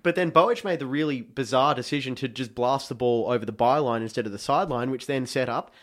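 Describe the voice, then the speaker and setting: An Australian man telling a football match story in a casual chat, animated and acting out shouts. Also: mid-range voice, quick pace.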